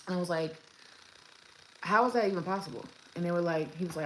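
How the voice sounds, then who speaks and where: A young woman tells her labor story in a casual vlog, her voice sitting low and relaxed. She rambles, restarts and fills gaps with "like" and "um". The room is echoey with a faint hum of noise behind her. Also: fast talker, long pauses. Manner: chatty, rambling with many fillers and restarts. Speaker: new mother telling her birth story. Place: room at home with her baby.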